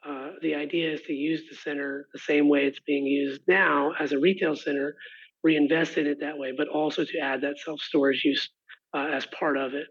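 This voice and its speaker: A man who has lost his voice, answering residents' questions at a meeting in a halting, apologetic way with many restarts. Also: a little high, little pitch movement, a bit bright. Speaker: rezoning applicant's representative. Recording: muffled lo-fi online call audio.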